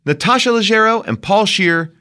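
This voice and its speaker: A male comedy podcast co-host with a lively, swinging voice. He chats casually and breaks into laughter often. His delivery is loose and playful, with faint background noise and clicks. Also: high voice, moderate pace. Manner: jokey, laughs easily.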